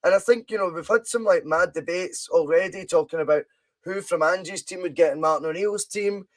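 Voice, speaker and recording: A man's voice: high-pitched, fairly quick. A Scottish man hosting a casual live stream, bantering chattily and reading out viewer comments while he plays a football management game.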